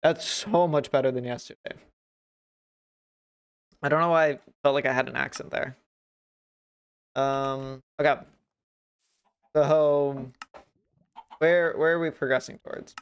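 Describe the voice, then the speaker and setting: A man's voice: mid-range voice, fairly even intonation, measured pace, long pauses, smooth. A man livestreaming a video game, thinking aloud in a rambling, self-mocking way as he sets up his desk mic. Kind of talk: casual gameplay commentary. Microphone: desk mic with noise gate.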